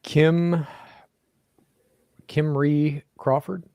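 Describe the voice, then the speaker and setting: Young male podcast co-host, relaxed and profane, dry close mic. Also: on the high side, very slow, no room sound. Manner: loose, swearing, jokey asides. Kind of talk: casual chat reading viewer comments.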